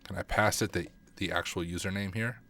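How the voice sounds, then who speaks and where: A man's voice: deep voice, steady tone, a little fast, pushed and bright, slight background noise. Casual man thinking aloud over typing. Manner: thinks aloud, self-deprecating, mutters while typing. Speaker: cybersecurity streamer. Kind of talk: casual livestream walkthrough.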